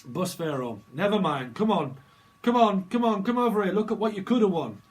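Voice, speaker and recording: A brassy old-school game show host bellows and goads the contestants in a sing-song call, as a man puts him on. The voice sits high and carries loud. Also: lively intonation, brisk. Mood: gloating. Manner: shouting, goading, sing-song.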